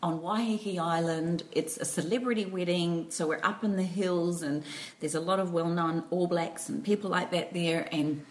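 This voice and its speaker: A middle-aged woman co-hosting a podcast, telling stories in animated casual chat and often breaking into giggles. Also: fairly low pitch, moderate pace, low-quality recording. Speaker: podcast co-host.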